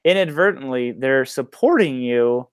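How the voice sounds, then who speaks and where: A man's voice: mid-range voice, animated, a little slow, clean tone, dry recording. A man chatting as a guest guitarist, telling easygoing stories with lots of casual fillers. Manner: easygoing storyteller, many "like" fillers. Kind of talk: casual chat.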